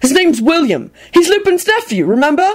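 A woman's voice: high voice, very animated, brisk, voice pushed up. A woman voicing a cheeky young man who talks back crossly and sarcastically.

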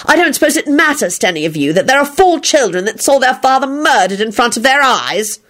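A woman's voice: sits high, expressive, brisk, a bit bright, pitched above the performer's own voice. A woman voicing an irritable, disapproving young woman who scolds sharply. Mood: scolding.

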